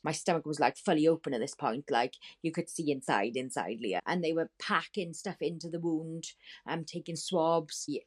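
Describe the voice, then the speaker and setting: A woman with a low voice tells her story as a podcast guest. She rambles and gets emotional, and she swears freely along the way. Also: quick pace. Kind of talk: candid storytelling.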